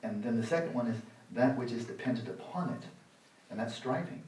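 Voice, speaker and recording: A man in his sixties giving a dharma talk at a meditation retreat, sarcastic and animated, acting out the inner voices of his students. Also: mid-range voice, fairly quick, a little hiss or hum. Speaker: meditation teacher. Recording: roomy hall, voice from the mic's distance.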